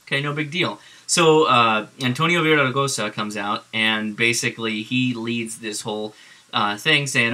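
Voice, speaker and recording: Bright-voiced man chuckling through a retelling. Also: on the low side, fairly even intonation, moderate pace. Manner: amused, chuckling retelling with fillers. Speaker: political vlogger. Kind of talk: casual commentary.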